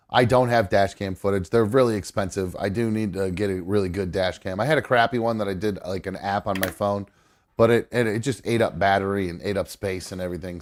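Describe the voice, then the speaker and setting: A man hosting a live call-in stream, chatting casually with frequent swearing and restarts. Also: fairly low pitch. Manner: rambling, swears freely, restarts sentences. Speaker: host of a live call-in show.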